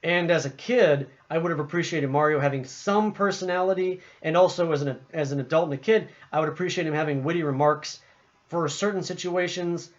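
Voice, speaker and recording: Guy rambling about a game, lots of restarts, kinda high voice, muffled audio. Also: fairly quick. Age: adult. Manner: rambling, with frequent restarts and fillers. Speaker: video game commentator. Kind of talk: casual opinion monologue. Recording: muffled lo-fi recording.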